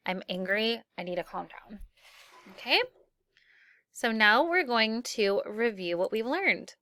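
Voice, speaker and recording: A woman's voice: fairly high pitch, bright, forceful tone, clear, resonant tone, dry recording, studio quality. A woman teacher leading a classroom lesson for children, upbeat and acting out example phrases.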